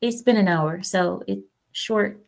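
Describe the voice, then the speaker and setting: Female streamer host, rambling and outspoken, gravelly edge. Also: mid-range voice, unhurried. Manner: chatty, rambling, opinionated, talks back to chat. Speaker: livestream host. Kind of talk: casual political chat with viewers.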